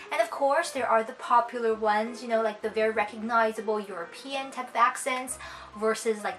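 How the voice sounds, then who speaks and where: A woman's voice: fairly high pitch, fairly bright tone, low-quality recording. A young woman from China with a Canadian accent and Cantonese as her first language, chatting casually as a vlogger and reading words out one at a time. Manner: chatty, reads a word list one word at a time. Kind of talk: casual chat.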